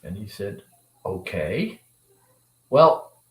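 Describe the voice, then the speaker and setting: Man, motivational coach, slow storytelling, lively pitch, roomy distant sound. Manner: acts out both sides of a dialogue with lively shifts. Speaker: weight-loss coach.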